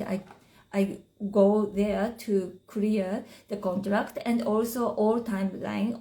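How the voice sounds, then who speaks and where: A woman whose first language is Japanese, speaking in halting English as a spiritual teacher in a casual live-stream chat, searching for her words. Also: mid-range voice, dark tone.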